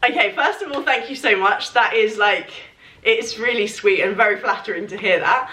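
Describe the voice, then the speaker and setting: In an echoey room, with the microphone set back, a woman fields questions for her fitness vlog's casual Q&A. Her mid-range voice is bright and forceful at a moderate pace, and she chats and rambles with lots of filler words.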